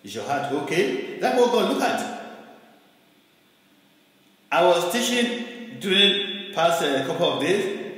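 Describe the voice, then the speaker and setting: A man's voice: high voice, very animated, takes it slowly, pauses often, fairly bright tone. A male pastor giving an emphatic sermon, repeating key phrases and shifting his pace, heard in a very echoey hall.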